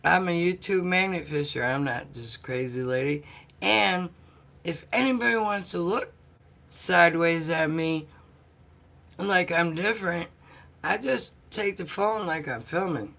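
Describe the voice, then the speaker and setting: A woman vlogger chatting casually with her viewers and telling stories, often clearing her throat and laughing softly. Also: lowish voice, unhurried. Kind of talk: casual live chat.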